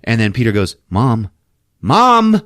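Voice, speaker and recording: A man with a lowish voice recaps a film in a profane, animated style, and his pitch swings constantly. He is recorded close on a podcast mic in a dry room. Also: normal speed, no echo. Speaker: podcast host. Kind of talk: casual movie recap.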